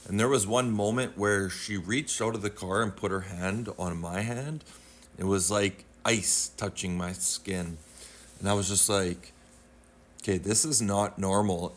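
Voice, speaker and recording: Deep-voiced man telling a paranormal story. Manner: rambling, conversational, with many fillers and reenacted quotes.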